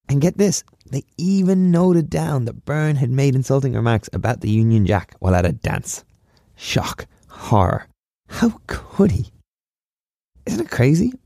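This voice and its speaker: A man's voice: mid-range voice, gravelly, warm tone, no echo, clean studio sound. Wry man telling history. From Ireland. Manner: casual and wry, with sarcastic asides. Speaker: history podcast host. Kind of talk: scripted history narration.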